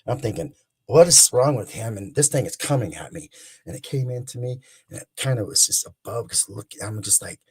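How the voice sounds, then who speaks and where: Husky older man telling tales. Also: on the low side, a little fast. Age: 60s. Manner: excited, rambling with restarts. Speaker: guest. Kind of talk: animated storytelling.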